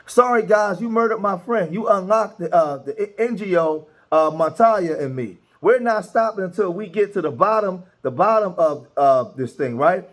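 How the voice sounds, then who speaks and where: A man's voice: sits high, expressive, normal speed, hardly any pauses. A man hosting political commentary, talking loosely with many restarts and reading posts aloud. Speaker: commentary host.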